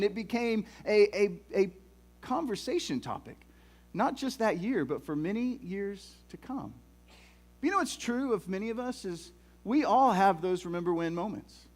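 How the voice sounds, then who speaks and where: A middle-aged man, preaching a sermon in a folksy, animated storytelling way with many restarts. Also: high-pitched. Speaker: pastor.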